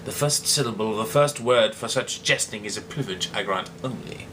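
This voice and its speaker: A man's voice: on the low side, a little fast, fairly bright tone, recorded from a distance, slight background noise, voice pushed down, natural voice. A man reading aloud as a proud, mocking swordsman-poet, delivering a theatrical monologue in an amateur dramatic reading.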